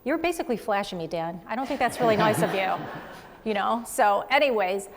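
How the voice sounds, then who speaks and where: A woman psychic medium hosting a show, giving chatty readings to a live studio audience with quick asides and frequent laughs. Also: medium pitch, animated, big-room sound, noisy background.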